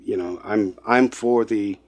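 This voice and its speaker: With a lowish voice and an unhurried pace, a man presents online in a lecturing, impassioned monologue. He keeps repeating points with emphasis, addressing listeners as people and working himself up as he goes.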